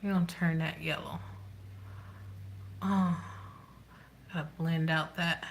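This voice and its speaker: Slow, rambling woman vlogger. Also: low-pitched, steady tone, vocal fry, slight background noise. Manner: rambling, talks to herself. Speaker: beauty vlogger. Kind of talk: casual chat while doing makeup.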